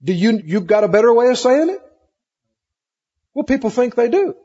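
A man's voice: very high-pitched, very animated, normal speed, mellow, breathy edge. A man preaching a sermon with emphatic, repetitive phrasing, asking the congregation questions. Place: church hall with congregation. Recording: muffled recording in a hall with long reverb.

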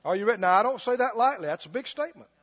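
Male preacher, high voice, emphatic and repetitive, long hall echo on a muffled recording. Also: expressive, very fast, fairly bright tone. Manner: emphatic, repetitive, laughs often. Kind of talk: sermon.

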